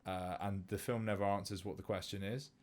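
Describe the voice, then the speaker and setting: Male podcast co-host, lower register, animated casual film chat. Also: fairly quick. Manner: animated, many fillers and restarts.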